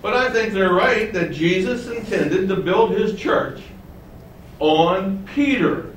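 A man's voice: high-pitched, expressive, takes it slowly, reverberant, distant mic, a little hiss or hum, rough recording. A man preaching a sermon, teaching with rhetorical questions and asking his congregation to follow along. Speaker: pastor.

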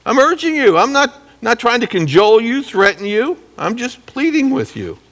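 A man's voice: very high-pitched, sing-song, moderate pace, fairly bright tone, pitched above the performer's own voice, heavily acted. A man acting out an earnest pleading apostle. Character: pleading middle-aged male apostle, earnest.

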